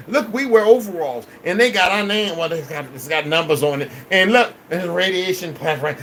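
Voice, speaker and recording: A man ranting on a livestream, cursing a lot and swinging between loud outbursts and low mutters. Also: sing-song, normal speed, a little hiss or hum, low-quality recording. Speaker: livestream host. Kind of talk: rambling livestream rant.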